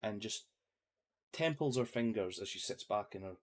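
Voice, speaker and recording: A young man narrating a tabletop game as game master, halting with frequent fillers. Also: fairly low pitch, lively intonation.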